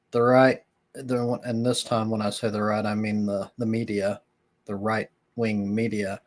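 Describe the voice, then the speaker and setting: Slow, low-voiced man commenting. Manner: slow, measured talk with fillers. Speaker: host reacting to a clip. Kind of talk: casual political commentary.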